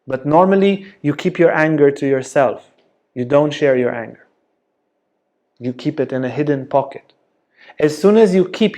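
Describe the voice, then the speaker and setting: Man, teacher, calm teaching talk, deliberate, gently questioning, slightly high voice. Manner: slow, deliberate, gentle delivery with frequent "yeah?". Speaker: yoga teacher.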